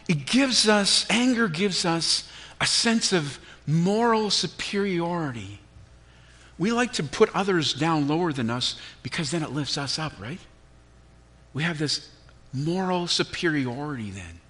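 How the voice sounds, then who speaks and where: A middle-aged male pastor preaches with a high, bright voice that climbs and dips all over the place. He acts out his own irritations with animated flair, then drops to a quiet, earnest tone. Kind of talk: sermon.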